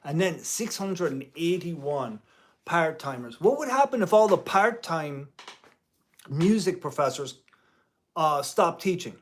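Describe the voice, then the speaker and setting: Slow-talking indignant guitar teacher. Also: male voice, on the high side, animated. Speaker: guitar channel host, part-time music teacher. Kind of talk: casual to-camera commentary.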